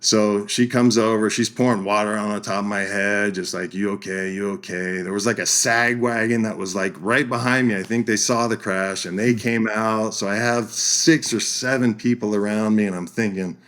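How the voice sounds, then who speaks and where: Man, low voice, casual storyteller, acts out quotes, chuckles. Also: normal speed, hardly any pauses. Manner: animated, acts out quoted voices, laughs while telling. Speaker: podcast guest.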